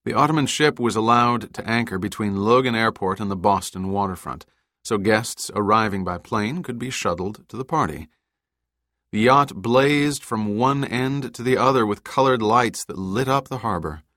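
Low-voiced man narrating an audiobook. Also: moderate pace, fairly bright tone, dry recording, studio quality. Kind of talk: scripted narration.

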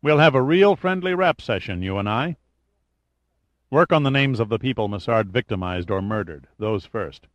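A man's voice: medium pitch, animated, moderate pace, no room sound, close to an everyday voice. A man voicing a wry, menacing male sidekick with a sardonic, lightly mocking manner, in a dull lo-fi audiobook recording.

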